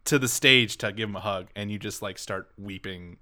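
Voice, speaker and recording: A man co-hosting a casual podcast chat, animated and laughing often. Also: moderate pace. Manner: animated, laughs a lot, jumps to high squeaky voices for quoted reactions. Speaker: podcast co-host.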